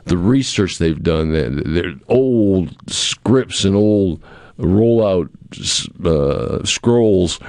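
Deep-voiced radio host, rambling. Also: male voice, darkish tone, no echo. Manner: rambling, many restarts, chuckling. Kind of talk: casual talk radio chat. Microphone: studio microphone.

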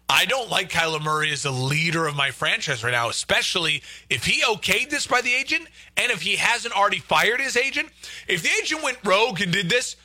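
Emphatic sports radio host, bright dry voice. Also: male voice, on the high side, no room sound. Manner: emphatic, repeats points for stress. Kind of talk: opinionated sports radio talk.

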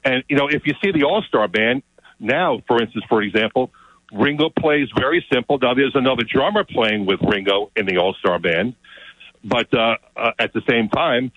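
A man telling an excited story as a guest, often repeating his words. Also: mid-range voice, normal speed, no room sound. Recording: dull, lo-fi sound.

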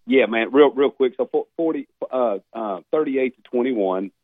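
A man's voice: mid-range voice, moderate pace, dry recording. A man calling into a radio show, folksy and rambling. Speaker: radio caller. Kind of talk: phoned-in chat. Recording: tinny phone line.

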